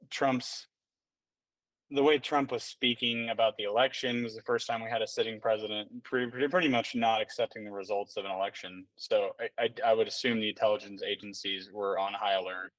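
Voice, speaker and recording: Man, podcast guest, fairly low voice, rambling, lots of fillers, dry room. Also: dry recording. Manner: rambling, filler-heavy, many restarts and "like"s. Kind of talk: casual conversational chat. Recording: dry sound, somewhat distant mic.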